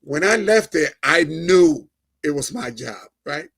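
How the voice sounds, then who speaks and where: A middle-aged man giving a personal testimony as a guest, telling it in an animated way, acting out the dialogue and often checking in with "right?". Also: a little high, unhurried, gravelly, breathy edge. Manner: animated storyteller, keeps adding "right?"; acts out quoted dialogue.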